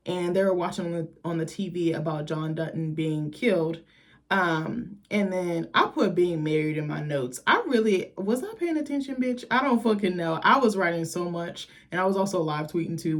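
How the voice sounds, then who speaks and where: Chatty, profane young woman recapping TV. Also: fairly low pitch. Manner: chatty, profane, animated retelling with quoted lines. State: tired, late at night. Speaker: TV recap host. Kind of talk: casual episode recap.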